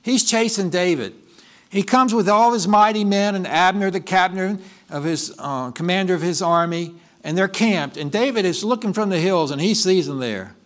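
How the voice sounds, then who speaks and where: A male pastor delivering a sermon, telling a story in an animated way and often correcting himself mid-sentence. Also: sits high, moderate pace. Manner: animated storytelling, with frequent restarts and self-corrections.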